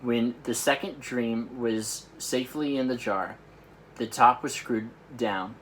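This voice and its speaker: A man at a summer camp reading a children's book aloud in a lively, expressive way. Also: mid-range voice, slow, slight background noise, low-quality recording. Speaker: camp storyteller.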